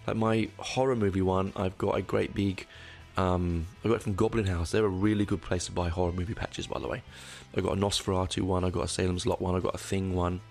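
A man's voice: sits low, little pitch movement, a little fast, vocal fry, hardly any pauses, darkish tone, faint music behind. A man hosting a casual solo podcast, rambling along with frequent restarts and the odd swear word. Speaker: podcast host.

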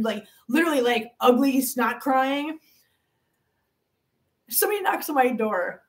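A woman hosting a cat channel live stream, telling a long story to viewers in a chatty, animated way and laughing often. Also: fairly high pitch, recorded from a distance.

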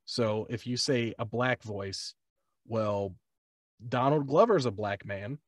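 A man speaks over a video call with a dry, close sound and no room echo. He explains his points in a calm, measured way as a panel co-host. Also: medium pitch.

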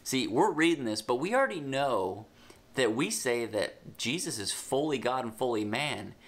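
A man tells a Bible story to children with lively emphasis and offhand asides, slowing down whenever he dictates notes. His voice sits at a medium pitch.

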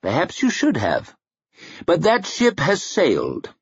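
A man voicing an arrogant, ruthless old male wizard who speaks in a haughty, measured, menacing way. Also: on the high side, huge pitch swings, breathy edge, no echo, voice pushed up, heavily acted. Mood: cold. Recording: dry muffled recording.

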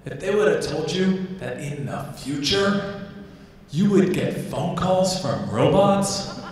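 A man's voice: fairly high pitch, animated, slow, a little mellow, a little hiss or hum. A man doing a stand-up comedy set, telling a story and acting out the voices in it. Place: large hall with a live audience. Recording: echoey hall recording from far off.

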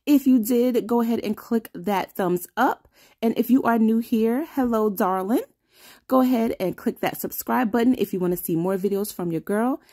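A woman's voice: fairly high pitch, normal speed, warm tone, no room sound, studio quality. A woman, hosting a casual flip-through vlog and gushing enthusiastically over every page. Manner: gushing, enthusiastic, lots of fillers. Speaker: vlog host.

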